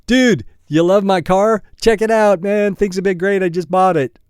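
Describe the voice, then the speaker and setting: A man raises his voice to play a boastful friend, pitched well above his own voice and louder, gushing over a brand-new sports car. The bragging sounds eager and pleased with itself, and it is recorded dry and close. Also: moderate pace, clean tone, dry recording, natural voice. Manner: excited bragging.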